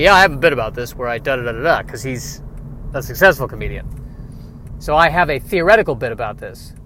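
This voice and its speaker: A man's voice: medium pitch, fairly bright tone, slight background noise. Wry rambling man on a city street. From Aurora, Colorado. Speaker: comedian. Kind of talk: casual comic monologue.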